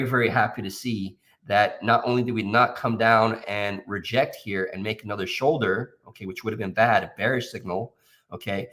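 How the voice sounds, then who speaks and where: An options trader with a lowish, fairly bright voice goes over charts in a casual, emphatic market analysis. He keeps capping his lines with "okay?" and "guys."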